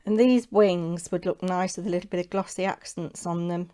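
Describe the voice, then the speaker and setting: Woman host, lowish voice, casual self-chatting craft tutorial. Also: fairly even intonation, moderate pace, mellow. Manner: chatty, talks to herself while working.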